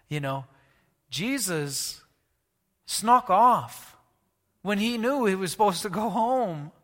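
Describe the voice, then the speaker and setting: A man preaching a sermon, animated, asking the congregation questions and moving between loud and hushed delivery. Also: high voice, slow, long pauses, long reverb tail. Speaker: pastor.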